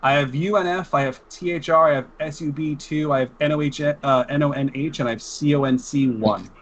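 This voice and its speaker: A tabletop player who talks fast and with enthusiasm, his voice a touch higher than average. Faint room hum sits under his voice. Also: highs cut off. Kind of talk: casual chat at a game table.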